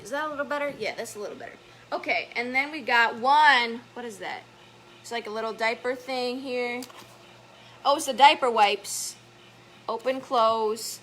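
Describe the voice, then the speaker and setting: A woman reading a picture book aloud to children as a story time educator, chatty and gentle, stopping to point at the pictures. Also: on the high side, slight background noise.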